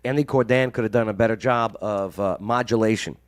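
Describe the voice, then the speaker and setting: A man's voice: lowish voice, a little fast, dry recording, studio quality. A man co-hosting a talk show, joking and teasing while reading ads. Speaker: radio show co-host. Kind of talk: casual banter and ad reads.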